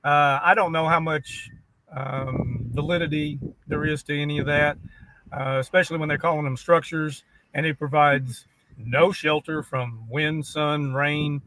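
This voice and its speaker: A man from western Kentucky, a paranormal investigator, speaking in a measured, skeptical way with hesitant ums. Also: on the high side, steady tone, fairly bright tone, a little hiss or hum. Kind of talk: remote interview answers.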